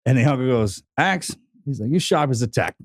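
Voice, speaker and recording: A man's voice: mid-range voice, fast talker, no echo, studio quality. A man co-hosting a podcast, telling family stories in casual chat and acting out the voices. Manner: animated storyteller acting out voices. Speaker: podcast co-host.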